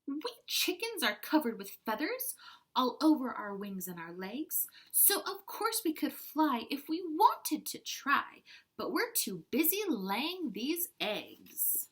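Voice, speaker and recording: A woman's voice: high-pitched, very animated, takes it slowly, fairly bright tone, husky, voice pushed up, exaggerated voice. A woman doing bustling chatty hens. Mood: busy. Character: busy egg-laying farm hens.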